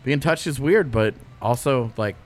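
A man co-hosting a podcast in casual chat, animated and laughing, calling people dude. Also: medium pitch, a little slow, a little hiss or hum. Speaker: podcast co-host.

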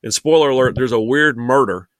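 A man's voice: mid-range voice, a little fast, no room sound. A man chatting as a guest on a sports podcast, rambling with many restarts and fillers. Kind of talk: casual chat.

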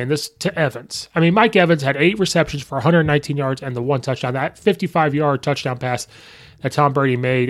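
A man hosting a podcast, recapping a football game in a rambling, excitable way and acting out fans' reactions. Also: fairly high pitch. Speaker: podcast host. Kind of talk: casual sports recap.

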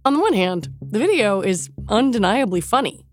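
A woman hosting a technology podcast, narrating in a measured, scripted way. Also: mid-range voice, very animated, faint music behind. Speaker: host.

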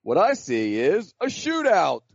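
A man making confident football predictions on a sports podcast and needling his co-hosts. His pitch swoops up and down as he talks, and the sound is dry and slightly dull. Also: huge pitch swings, measured pace, gravelly, husky, no room sound. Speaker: football analyst. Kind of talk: casual sports podcast banter.

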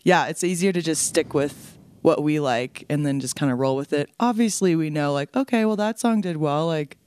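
A woman's voice: deep voice, normal speed, a little mellow, clear, resonant tone, no echo. A woman musician with a slight lisp, chatting casually in a radio interview and laughing often. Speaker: indie rock musician.

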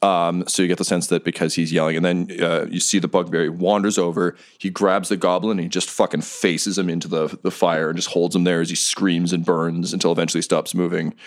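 Game master, male, very low voice, relaxed rambling narration with fillers. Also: fairly quick, hardly any pauses. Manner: loose narration full of ums and uhs.

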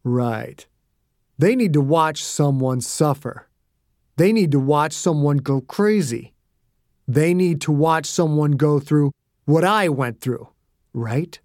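A man voicing a cold, sneering male killer who talks slowly and flatly. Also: a little high, dry recording, clean studio sound. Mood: bitter.

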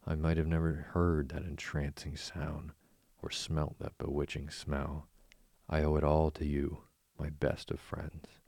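A man's voice: extremely low pitch, completely flat delivery, measured pace, a little mellow, no room sound, clean studio sound, heavily acted. A man voicing a dreamy, boastful Toad. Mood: dreamy rapture. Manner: dreamy, rapturous, trailing into murmurs. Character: dreamy, boastful male toad, car-crazed.

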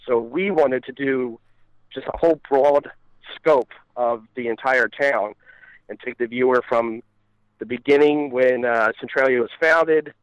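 Man, from Philadelphia, documentary filmmaker guest, smooth mid-pitched voice, dry muffled audio, steady storytelling. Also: measured pace, no room sound. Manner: steady, chronological storytelling with fillers. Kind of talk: casual interview answers.

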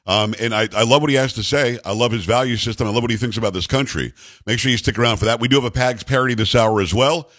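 A man's voice: mid-range voice, quick pace, a bit bright, no echo. A man hosting a talk radio show in a studio, joking and teasing his co-host in casual, rambling banter.

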